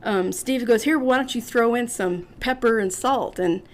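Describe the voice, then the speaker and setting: A woman's voice: fairly high pitch, moderate pace. A woman in her fifties, a podcast guest telling a funny story and acting out other people's lines. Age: 50s. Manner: animated storyteller, acts out others' lines, laughs often. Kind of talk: casual storytelling.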